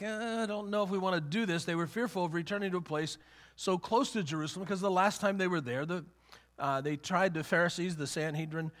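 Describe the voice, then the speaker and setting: A man with a fairly high, somewhat bright voice preaches a sermon conversationally. He repeats himself, keeps restarting phrases, and acts out the words of the people in his story.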